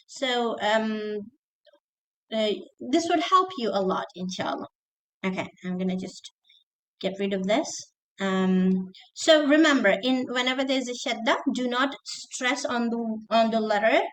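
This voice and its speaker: Slow, patient woman teacher drilling pronunciation. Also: a little high. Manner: mixes in Arabic terms. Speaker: teacher trainer. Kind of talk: online teaching lesson.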